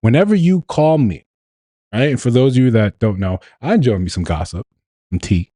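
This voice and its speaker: A man's voice: mid-range voice, animated, normal speed, dark tone, dry recording, studio quality. A man hosting a live show, giving rambling, gossipy reaction commentary full of fillers and restarts. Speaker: show host.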